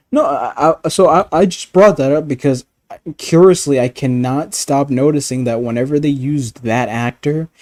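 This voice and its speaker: A man's voice: mid-range voice, a little mellow. A man talking casually, rambling with stammered restarts, frequent swearing and bursts of laughter. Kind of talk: casual chat.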